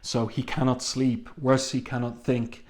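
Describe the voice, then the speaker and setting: A man talks through a comic issue panel by panel in a casual, unscripted review. He speaks at a middle pitch, often pausing and restarting mid-word. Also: level tone, darkish tone. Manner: halting, with many ums and restarts. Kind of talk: casual read-along review.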